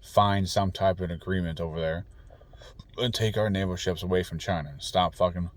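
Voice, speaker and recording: A man's voice: low-pitched, steady tone, normal speed. A man delivering an angry, profane, rambling political rant full of restarts. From United States. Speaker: political commentator. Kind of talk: ranting monologue.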